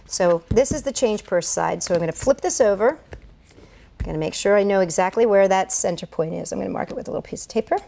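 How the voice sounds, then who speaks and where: Fast, gravelly, and dark-toned, her mid-range voice narrates a duct tape craft one step at a time. This children's-event entertainer keeps talking as her hands work, chatty, cheerful, and encouraging throughout.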